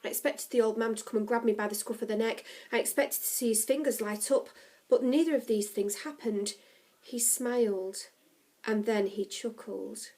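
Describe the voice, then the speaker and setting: A woman reading a novel aloud, narrating the story in a steady, expressive way. Her voice sits a little on the high side. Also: moderate pace. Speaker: story reader.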